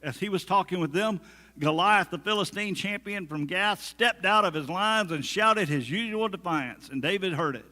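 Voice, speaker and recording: A man's voice: high voice, moderate pace, sharp tone, in a large hall. A man preaching a sermon as pastor, conversational, with humorous asides and acted-out quotes. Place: church sanctuary.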